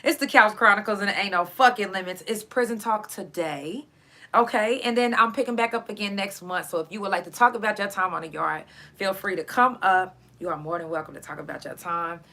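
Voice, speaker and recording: Profane laughing woman host, bright voice. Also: medium pitch, fairly quick. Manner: profane, laughing, drawls certain words for emphasis. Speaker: live show host. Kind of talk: casual storytelling to a live audience.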